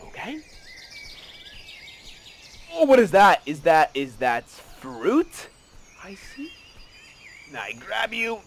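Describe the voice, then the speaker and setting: Man, let's play commentary, excitable, rambling, fairly high voice, very lively pitch. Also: a little slow, gravelly, few pauses. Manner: excitable, rambling, gasps and self-mocking asides. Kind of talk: casual gameplay commentary.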